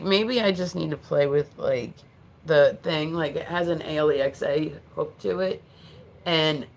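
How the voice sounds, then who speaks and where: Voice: mid-range voice, gravelly, slight background noise. Rambling New Jersey live streamer. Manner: rambling, filler-heavy, quick to laugh. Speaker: livestream host. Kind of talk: casual live-stream chat.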